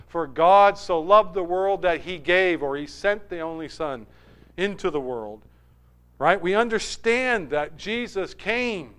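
Male pastor, high smooth voice, emphatic sermon delivery with big loud-to-quiet swings.

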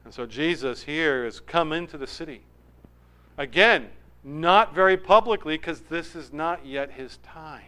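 A man preaches verse by verse in a smooth, clear voice that sits a little high. He is animated, rising loud for emphasis and dropping low for asides. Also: unhurried, low-quality recording. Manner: acts out crowd voices. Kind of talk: verse-by-verse sermon.

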